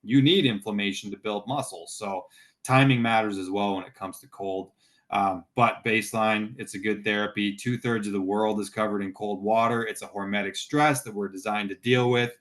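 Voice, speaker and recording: A man explains health research on a webinar, confident and plain-spoken, reaching for simple analogies. His voice sits slightly low. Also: fairly even intonation, moderate pace, a bit bright. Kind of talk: conversational webinar discussion.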